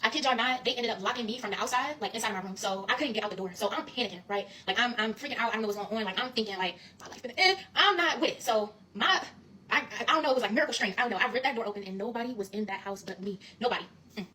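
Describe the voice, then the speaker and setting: A young woman in her twenties tells a story in a casual, animated way. She talks very fast and stresses her points, often turning straight to her listeners as she goes. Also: a little high, slight background noise, rough recording. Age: 20s. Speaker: guest storyteller.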